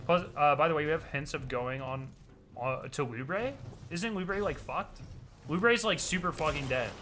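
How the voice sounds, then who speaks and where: A man streaming a game, chatting casually and excitably with plenty of slang and swearing. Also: on the high side, moderate pace, slight background noise. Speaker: gaming streamer. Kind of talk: casual chat over gameplay.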